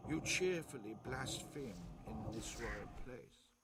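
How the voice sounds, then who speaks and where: A man voicing a frail, defiant elderly man, speaking slowly and mournfully. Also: mid-range voice, lively intonation, over a noisy crowd.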